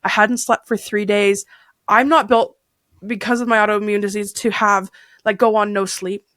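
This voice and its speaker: A woman's voice: mid-range voice, level tone, normal speed, fairly bright tone, no room sound. Chatty woman talking openly, dry sound. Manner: open, chatty, lots of fillers and restarts. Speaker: podcast guest. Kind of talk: candid casual chat.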